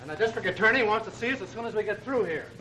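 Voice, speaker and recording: An actor in a 1930s film playing a gruff, bossy police inspector who barks orders. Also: male voice, high-pitched, expressive, racing, pushed and bright, rough recording. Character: brash, wisecracking police inspector. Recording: old film soundtrack with faint noise.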